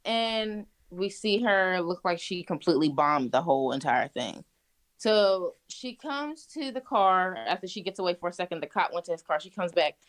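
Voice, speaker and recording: A woman's voice: lowish voice, animated, normal speed. A young woman telling wild stories in casual, profane chat, laughing as she goes. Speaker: guest. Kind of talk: casual storytelling.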